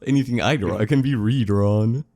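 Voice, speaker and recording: A man's voice: on the low side, moderate pace, mellow. A man co-hosting a casual podcast while drawing, rambling and laughing often. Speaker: podcast co-host.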